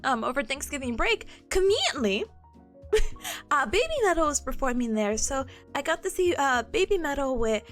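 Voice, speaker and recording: A young-sounding woman hosts a study live stream and chats to her viewers, giggling often. Her voice sits very high and swoops widely, with a bright, sharp edge. Faint music plays behind her. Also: very animated, normal speed. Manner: giggly, bursts into laughter and squeals. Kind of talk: casual live-stream chat.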